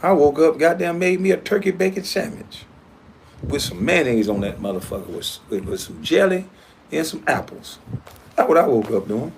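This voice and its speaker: A man's voice: a little high, animated, normal speed, creaky, background noise. A man hosting his own livestream, talking in a casual, blunt and profane way as he confronts a critic. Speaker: livestream host.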